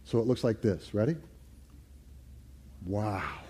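A man preaching a sermon to a live congregation, leading call-and-response and swinging from loud exclamations to hushed near-whispers. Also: fairly low pitch, expressive, takes it slowly, slight background noise. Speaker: pastor. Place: church hall before a live congregation.

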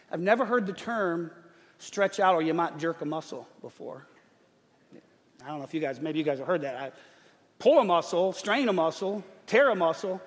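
A middle-aged man preaching a sermon, telling a humorous story in an animated way. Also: high voice. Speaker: pastor. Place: church sanctuary. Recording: long church hall reverb.

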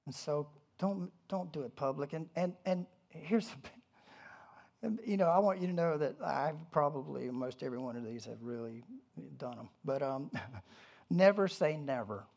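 Lively, joking pastor preaching a sermon. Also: medium pitch, moderate pace, gravelly. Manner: animated, humorous asides, frequent restarts. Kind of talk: conversational sermon.

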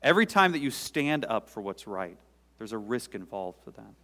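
A male pastor preaching a sermon, swelling loud and high for emphasis, then dropping to quiet, intimate asides. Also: sing-song, moderate pace. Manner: dynamic preaching, sudden rises in pitch and volume, dropping to quiet asides. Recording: long hall reverb.

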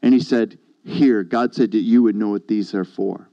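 Preacher, male, warm low-key storyteller, dry muffled recording. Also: fairly even intonation, moderate pace, no echo. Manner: storytelling, conversational, quotes others. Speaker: pastor. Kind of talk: sermon testimony.

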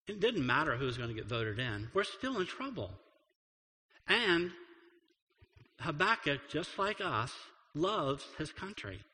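A man preaching in a church with a bright, fairly high voice that rises and falls with lively energy. He talks to the congregation like a conversation and slips into acted voices for quotes, all ringing with a long hall reverb. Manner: animated, acts out quotes, conversational. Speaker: pastor. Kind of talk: sermon.

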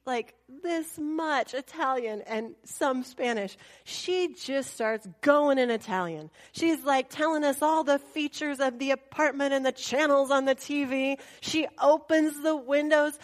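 A woman with a fairly high voice tells a travel story in a relaxed, animated way. She laughs often and imitates the people she meets. At times she drops into quiet, half-whispered asides. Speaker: speaker telling a travel story. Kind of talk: casual storytelling talk.

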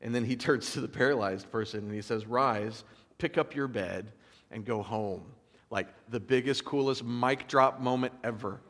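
A man preaches in a relaxed, conversational way, reading verses aloud and breaking off into lively asides. His mid-pitched voice carries a long reverb, as if heard in a large hall. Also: moderate pace. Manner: animated storytelling with asides and little laughs; casual, conversational preaching with fillers. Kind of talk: sermon reading and explaining scripture.

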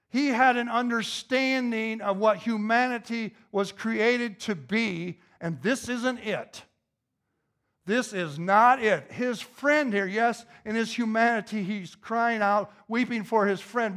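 A pastor preaching a sermon, repeating key phrases and building to an emphatic, raised intensity. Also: male voice, high-pitched, slow, a bit bright.

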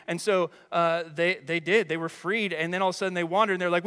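High-voiced, energetic preaching man. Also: fast talker, hardly any pauses, clean tone. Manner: energetic, emphatic, chatty with rhetorical asides. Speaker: pastor. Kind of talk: sermon. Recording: long hall reverb.

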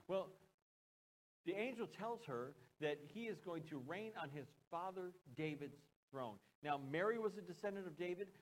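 A man's voice: fairly high pitch, a little hiss or hum, rough recording. A man with an American accent preaching a sermon as a pastor, conversational, with joking asides and questions to the congregation.

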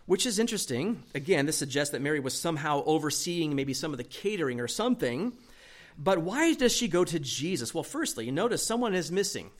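A middle-aged male pastor giving a sermon, telling a personal story with humor and acting out the people in it. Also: fairly high pitch. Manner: humorous storytelling, acts out quoted voices.

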